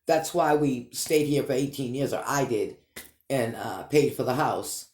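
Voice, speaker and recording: A man's voice: medium pitch, measured pace, a little mellow. A man with a Boston accent, chatting casually and rambling upbeat to his vlog viewers. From Massachusetts. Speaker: vlog host. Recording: echoey room.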